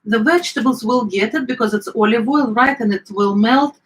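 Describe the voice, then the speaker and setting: A middle-aged woman with an Eastern European accent, chatting casually as she cooks, often searching for words and filling pauses. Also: a little high, rough recording. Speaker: home cook. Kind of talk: casual cooking vlog chat.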